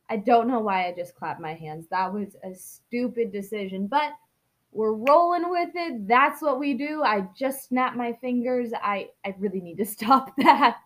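Here is a woman host on a book-reading podcast, her voice sitting a little high. She chats in a bubbly, rambling way and laughs at her own tangents before settling in to read the story aloud. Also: a bit bright. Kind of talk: chatty intro, then reading aloud.

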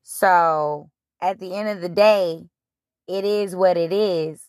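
Woman host, unhurried delivery, dry close sound, blunt and profane. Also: on the low side, no room sound. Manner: animated, blunt, profane, retelling scripture in her own words. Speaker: podcast host. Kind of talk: casual spiritual monologue.

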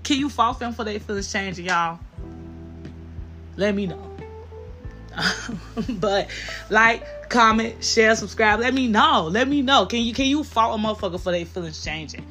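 A woman's voice: a little high, a little slow, long pauses, pushed and bright. A woman hosts her own podcast, speaking bluntly and with a lot of swearing. She keeps checking in with her listeners and laughs often, and faint music plays behind her. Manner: blunt and profane, with frequent filler questions and laughs. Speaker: podcast host. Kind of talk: candid solo podcast talk.

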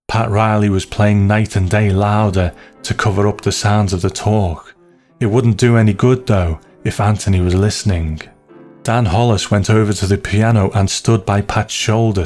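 Low-voiced guy reading a story slow and hushed, soft music under it. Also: steady tone. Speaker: narrator. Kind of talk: scripted story narration.

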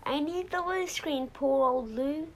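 Woman reading aloud as a high, squeaky little male critter, pleading and frantic, for a kids' storybook. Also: measured pace, a little hiss or hum. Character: desperate little male creature needing a toilet.

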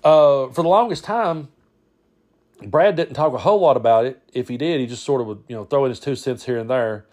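A man's voice: medium pitch, a little fast, darkish tone. A man, telling stories on his podcast in a rambling, self-interrupting way. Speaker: podcast host. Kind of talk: casual storytelling.

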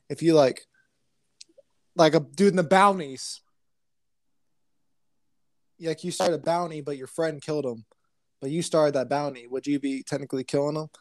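A man's voice: fairly high pitch, darkish tone, dry recording. Young man, casual podcast chat, rambling and laughing, dry close sound. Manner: rambling storyteller, laughs often, swears casually. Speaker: podcast co-host.

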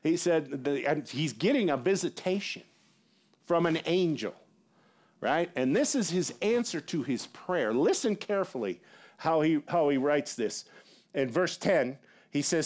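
A man preaching a sermon in an animated, conversational way, with casual asides. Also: a little high, a little slow. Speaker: pastor.

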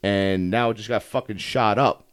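A man's voice: fairly low pitch, fairly even intonation, moderate pace, clear, resonant tone. A young man telling a story in casual podcast chat, heated and profane, swearing constantly as he talks.

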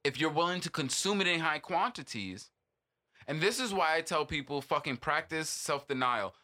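A man's voice: fairly high pitch, expressive, moderate pace, pushed and bright. A man co-hosting a casual podcast discussion, emphatic and swearing freely as he lectures. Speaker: podcast co-host.

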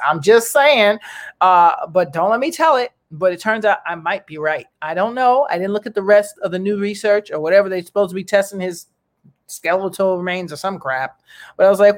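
A person delivering a casual opinion monologue to viewers, animated and exclamatory, with slangy asides and lots of fillers. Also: fairly quick. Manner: animated, slangy and exclamatory, with big pitch jumps.

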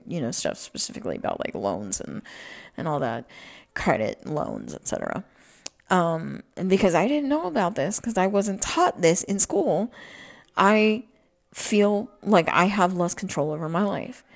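A woman talking through her thoughts in a rambling, reflective monologue, halting often with fillers and restarts. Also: lowish voice, vocal fry.

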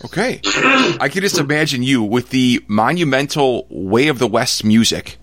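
A man's voice: medium pitch, very animated, normal speed, a bit bright, dry recording. A man hosting a podcast interview, chatting casually and agreeing enthusiastically with his guest. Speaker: podcast host.

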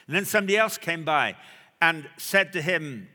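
A male preacher delivering a sermon, telling a story with dramatic pauses and emphasis. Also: on the high side, expressive, pushed and bright. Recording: echoey hall.

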